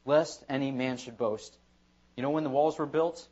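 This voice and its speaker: A man's voice: medium pitch, fairly even intonation, normal speed, a little mellow. A man pastor preaching an evening sermon in church, emphatic and repetitive. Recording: dull lo-fi sermon recording.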